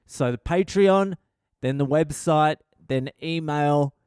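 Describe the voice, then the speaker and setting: Slow and on the high side, the voice of this middle-aged Australian podcaster has a darkish, smooth tone, captured in clean studio sound with no room noise. He rambles through casual stories in a blunt and profane manner.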